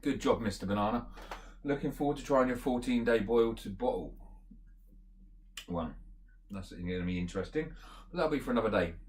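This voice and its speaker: A man giving a casual beer review, talking in a relaxed, rambling way and thinking aloud with fillers as he tastes. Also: medium pitch, brisk, slight background noise. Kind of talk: casual beer tasting chat.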